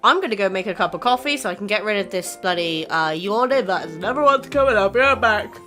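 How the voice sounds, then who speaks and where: A woman's voice: medium pitch, expressive, brisk, fairly bright tone, soft background music. A woman hosting a casual game playthrough, chatting, reacting and reading the story aloud. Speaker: gaming channel host.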